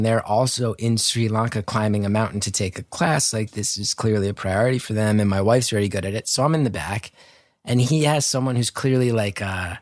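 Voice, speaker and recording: A man's voice: mid-range voice, no echo, studio quality. A man from North Jersey telling a long, self-deprecating story on a video call, swearing freely and acting out the voices of the people in it. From North Jersey, United States. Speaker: guest storyteller. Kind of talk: casual anecdote told on a video call.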